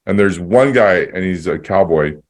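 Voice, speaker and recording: A man's voice: low-pitched, expressive, moderate pace. A man hosting a podcast, chatting casually and telling a rambling story with many restarts, acting out both sides of a conversation. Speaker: podcast host.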